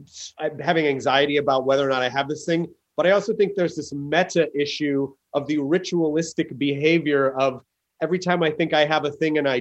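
A man chatting as a podcast guest, animated and quick, with halting restarts and casual swearing. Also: a little high. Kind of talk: casual interview chat.

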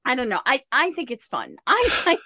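A woman's voice: sits high, wildly swooping pitch, normal speed, crowd noise. A woman co-hosting a podcast, chatty and laughing often. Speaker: podcast co-host. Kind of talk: casual chat.

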